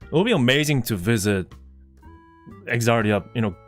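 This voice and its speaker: A man chatting on a live stream, excitable and flustered, talking to his chat with many restarts. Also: mid-range voice, moderate pace, faint music behind.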